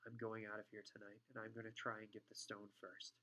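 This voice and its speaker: A man reading an audiobook, voicing a determined young schoolboy in a low, urgent, earnest tone. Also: monotone, a little fast, pushed and bright. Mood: resolute.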